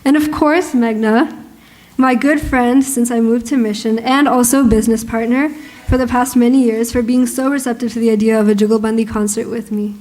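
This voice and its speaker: A woman's voice: fairly high pitch, fairly quick, a little hiss or hum. A young woman co-organizing a concert, steadily reading a list of thanks. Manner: steady, listing names. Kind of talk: thank-you speech read aloud.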